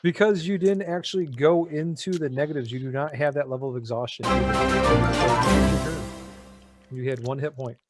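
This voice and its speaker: A man's voice: mid-range voice, moderate pace, over loud music. A man running a tabletop role-playing game as dungeon master, explaining rules with frequent fillers and restarts.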